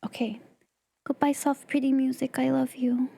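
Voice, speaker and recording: A woman streamer chatting casually to her live audience, excitable and laughing often. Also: sits high, moderate pace, gravelly.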